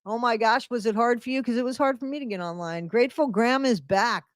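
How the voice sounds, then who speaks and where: Middle-aged woman hosting a home live stream; chatty, repeats herself, slightly high, dry mic. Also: fast, no echo. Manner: greets viewers by name, repeats phrases. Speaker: livestream host. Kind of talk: casual live-stream chat.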